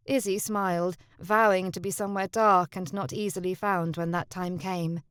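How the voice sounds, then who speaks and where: A woman's voice: fairly low pitch, steady tone, moderate pace, few pauses, fairly bright tone, smooth, no echo, studio quality. A woman narrating a historical romance audiobook, lifting her voice for the heroine.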